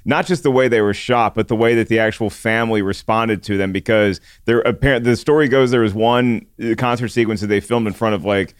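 A man's voice: fairly low pitch, fairly quick, few pauses, smooth, dry recording, studio quality. A man co-hosting a podcast, speaking in casual chat with a hesitant, restarting manner. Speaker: podcast co-host.

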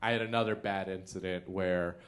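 A man's voice: sits low, steady tone, brisk. A man doing comic storytelling on a podcast, laughing mid-sentence and acting out quotes with big jumps in voice. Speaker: comedian guest. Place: theater stage.

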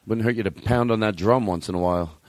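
A man hosting a podcast in casual chat, profane and animated, sometimes bursting into shouting. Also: fairly low pitch, fast talker, no echo. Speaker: podcast host.

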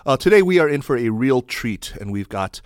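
A man's voice: mid-range voice, big pitch swings, brisk, clean tone, no echo, studio quality. A man hosting a podcast, giving an upbeat, emphatic introduction and chatting with his guests. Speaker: podcast host.

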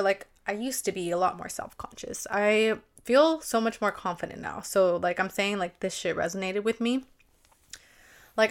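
A woman's voice: mid-range voice, a bit bright, smooth. A young woman hosting her own podcast alone, chatting casually, full of "like" and swearing. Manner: chatty, swears freely, many likes. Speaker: solo podcast host. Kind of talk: casual chat.

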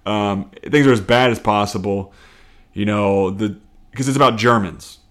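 A man's voice: lowish voice, a little slow, a bit bright. A man hosting a casual solo comedy podcast, rambling and profane, self-deprecating, and laughing often. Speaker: podcast host.

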